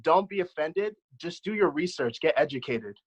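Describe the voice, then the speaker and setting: A man's voice: on the high side, expressive, normal speed, husky, low-quality recording. A man in his thirties, a dance choreographer, giving an earnest, impassioned account as a panelist over a video call. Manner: earnest, impassioned, speaks from the heart.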